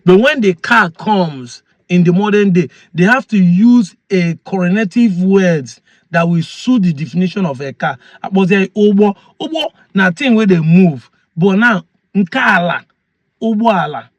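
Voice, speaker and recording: In a dry recording, a high-pitched man, a community chief with a Nigerian Igbo accent, gives an earnest explanation. He keeps repeating key phrases so his points land.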